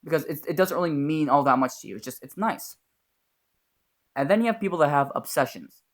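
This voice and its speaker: A man's voice: fairly high pitch, expressive, brisk. A young man giving a blunt, profane, earnest motivational talk as a YouTuber. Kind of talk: motivational vlog monologue.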